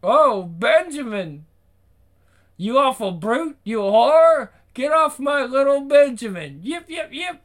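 A man voicing a dotty old lady with a lapdog, shrill and shrieking. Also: lively intonation, slow, exaggerated voice.

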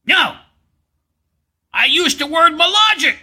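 A man's voice: sing-song, unhurried, long pauses, bright, forceful tone, slightly rough. A man giving mocking live commentary on a debate, sarcastic and heckling, laughing often as he talks. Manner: sarcastic, heckling, mocking, swinging wildly between high and low; laughs often while talking.

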